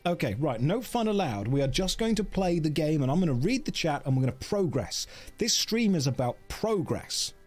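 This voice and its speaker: A man's voice: fairly high pitch, a little mellow. A man casually chatting on a game livestream, rambling and joking while reading chat aloud.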